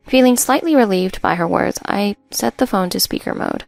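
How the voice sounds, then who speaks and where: A woman narrating a first-person story in an even, matter-of-fact way. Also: mid-range voice, moderate pace, creaky, few pauses, no room sound, soft background music.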